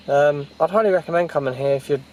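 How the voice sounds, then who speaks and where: A man chatting casually into a handheld camera for a vlog, relaxed and recommending a park. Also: on the high side, normal speed, a little hiss or hum, poor audio. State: a little out of breath. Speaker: vlogger. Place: hilly park path, then a parked car.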